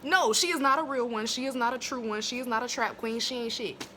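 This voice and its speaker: A woman's voice: a little high, fast, bright, forceful tone, a little hiss or hum. A woman casually reviewing a TV episode into her phone. She swears freely, talks in long run-on asides, and gets fired up and indignant. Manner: fired-up and indignant when ranting.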